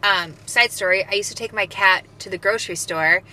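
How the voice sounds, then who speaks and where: Bright-voiced chatty American woman. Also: mid-range voice, fairly quick. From United States. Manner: chatty, animated storyteller. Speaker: podcast co-host. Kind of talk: casual storytelling chat.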